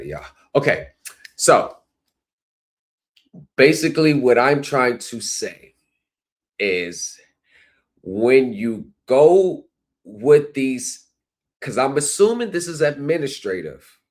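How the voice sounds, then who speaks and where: A man's voice: medium pitch, big pitch swings, slow, long pauses. A man hosting a livestream, lecturing his viewers with repeated rhetorical phrases. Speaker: streaming commentary host. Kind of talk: livestream commentary.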